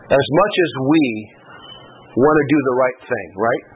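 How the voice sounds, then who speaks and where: A man's voice: medium pitch, expressive, a little slow, slightly rough. A man preaching a sermon in an impassioned, repetitive way with frequent restarts. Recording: phone-like band with faint noise.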